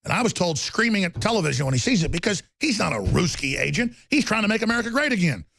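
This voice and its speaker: A man hosting a political talk show, ranting rapidly and heatedly with stammering restarts. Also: high-pitched, big pitch swings, gravelly, a bit bright, no room sound.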